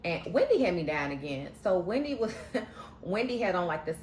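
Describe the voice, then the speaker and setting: Sassy low-voiced woman vlogger. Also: big pitch swings, normal speed, a little hiss or hum. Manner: sassy, slangy, candid opinions. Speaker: vlogger recapping a reality show. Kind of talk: casual chatty recap. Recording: echoey room.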